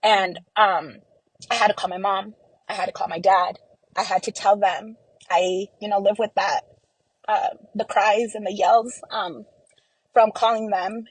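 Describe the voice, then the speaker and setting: A young Texas woman, appearing as a podcast guest, speaks at medium pitch with a steady tone, a measured pace and a breathy edge. In a close-mic interview with a dry, rough recording, she tells a painful family story, acting out what people said and filling it with lots of "like"s. It is emotional personal storytelling.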